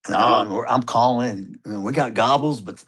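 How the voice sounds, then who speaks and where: A man's voice: mid-range voice, normal speed, fairly bright tone, husky. A man telling a hunting story as a father, recounting it vividly and acting out the exchanges. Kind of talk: recorded storytelling.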